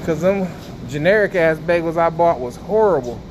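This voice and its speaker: Man, playful teasing vlogger, fairly high voice, noisy store around him. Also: expressive, normal speed. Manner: teasing, playful, talks to passers-by. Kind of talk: casual joking chat with strangers. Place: indoor supermarket.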